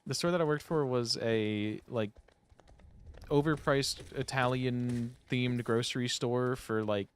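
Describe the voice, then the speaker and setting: A man's voice: medium pitch, smooth. A young man streaming a game, telling stories in a rambling, profane way, full of "like". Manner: rambling, profane, heavy use of "like". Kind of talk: casual storytelling while playing a game.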